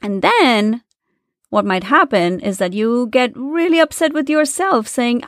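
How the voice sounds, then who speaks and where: A woman's voice: fairly high pitch, animated, unhurried, no room sound, clean studio sound. Earnest woman hosting a self-help podcast. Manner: earnest, coaching, speaks directly to listeners. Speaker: podcast host.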